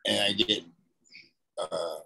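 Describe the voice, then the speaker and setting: A man giving an emotional personal account on an online panel, halting and searching for words, sounding aggrieved. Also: lowish voice, steady tone, gravelly, bright, forceful tone, breathy edge, no echo, poor audio. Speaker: conference attendee.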